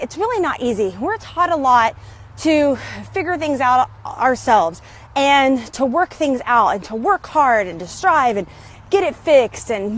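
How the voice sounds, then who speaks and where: Walking through her neighborhood with a phone, a middle-aged woman who works as a business coach chats cheerfully in a motivational vlog. Her voice sits high, and she stops to say hello to neighbors as she talks.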